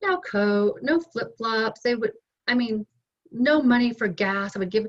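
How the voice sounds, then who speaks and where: A middle-aged woman telling her story as an interview guest, candid and animated, acting out both sides of past conversations. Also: medium pitch, a little fast. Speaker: interview guest, bereaved mother. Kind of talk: emotional personal storytelling. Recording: dull lo-fi sound.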